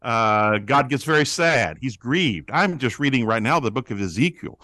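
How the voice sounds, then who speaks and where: A man's voice: mid-range voice, lively intonation, moderate pace, bright, forceful tone, no echo. A man teaching like a preacher in an interview, his voice rising and falling as he acts out the people he quotes. The sound is dry and close, with no room around it. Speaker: guest, pastor-author on prayer.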